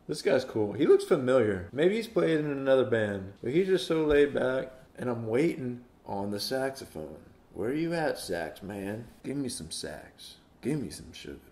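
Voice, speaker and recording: Gravelly-voiced man reacting to a song. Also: mid-range voice, very animated, normal speed, hardly any pauses, a little mellow. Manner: playful, mock-quotes the singer in put-on voices. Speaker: music reaction host. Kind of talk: casual reaction commentary. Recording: roomy echo.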